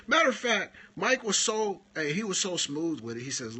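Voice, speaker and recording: A man hosting a live stream, coaching photographers in a casual, animated talk that climbs higher when he retells stories. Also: normal speed, hardly any pauses, husky.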